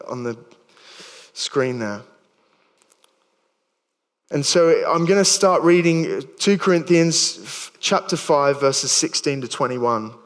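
A man's voice: fairly high pitch, long reverb tail. A man in his thirties with an Australian accent, preaching a sermon in a chatty, stumbling way with self-deprecating jokes. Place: church hall.

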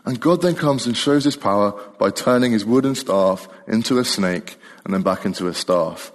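A man's voice: on the low side, expressive, normal speed, in a large hall. A young man preaching a sermon in a casual, chatty way, often laughing as he talks. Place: church.

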